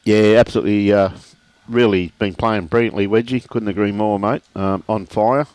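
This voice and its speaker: A low-pitched man commentates a lawn bowls match live. His talk is chatty and joking, full of "mate", and it is recorded close and dry with no room sound. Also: fairly even intonation, moderate pace, darkish tone, dry recording.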